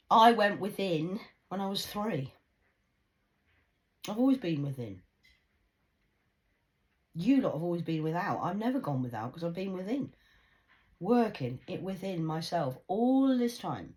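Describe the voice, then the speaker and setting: A woman speaking intensely and emphatically to her viewers, swinging between loud outbursts and hushed asides. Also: on the low side, very animated, measured pace, long pauses, rough recording. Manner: confiding, addresses viewers directly. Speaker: vlogger. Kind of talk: emotional personal monologue to camera.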